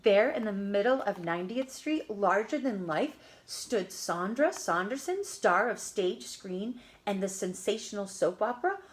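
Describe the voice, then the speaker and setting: Expressive woman reading a storybook. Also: medium pitch, a little slow, hardly any pauses. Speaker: storybook reader. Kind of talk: reading a picture book aloud.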